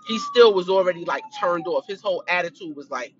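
A woman chatting casually as she recaps a show, telling the story in a gossipy way and clearing her throat from allergies. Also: on the low side, animated, fairly quick, dull audio, very noisy. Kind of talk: casual chat.

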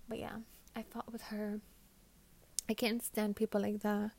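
A woman's voice: fairly high pitch, flat delivery, normal speed, long pauses. Profane ranting New young woman. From New York. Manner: profane, ranting, gets loud when riled up. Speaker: vlogger. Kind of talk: casual Q&A chat.

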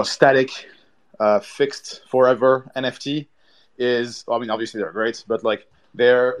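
Rambling man talking about his project. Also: medium pitch. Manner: loose and rambling, many fillers. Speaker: NFT project team member. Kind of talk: casual chat.

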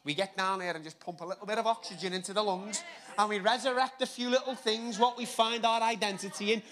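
A man preaching a sermon, animated and jokey, repeating words for emphasis. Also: sits high, fast.

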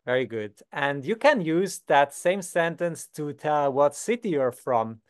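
A young Swiss man teaching beginners basic German, calm and patient, slowing down to model each word. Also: fairly high pitch, clear, resonant tone. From Switzerland. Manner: patient, slows down to model words. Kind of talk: beginner language lesson.

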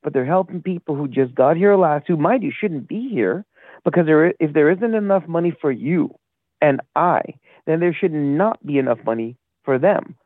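A man's voice: a little high, lively intonation, moderate pace, no room sound. Indignant man ranting over a phone line. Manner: rambling, indignant, loses his thread. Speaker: caller. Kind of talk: call-in rant. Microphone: phone call.

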